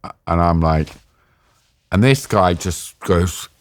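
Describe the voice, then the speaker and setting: Animated man telling a story. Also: low-pitched, takes it slowly, noisy background. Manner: animated, acts out quotes with swearing. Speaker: interview guest, former hostage. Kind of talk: casual storytelling.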